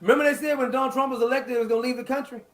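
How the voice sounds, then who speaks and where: A man's voice: very high voice, fairly even intonation, rapid-fire. A man talking in a casual political chat on a live stream, blunt and profane, mocking and laughing often. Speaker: political commentator. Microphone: live stream microphone.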